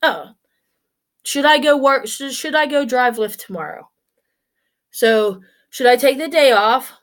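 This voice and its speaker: A woman's voice: high voice, a little slow. A woman in her forties chatting casually and upbeat on her vlog, a bit out of breath, with many restarts and asides. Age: 40s. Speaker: vlogger. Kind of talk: casual solo vlog chat.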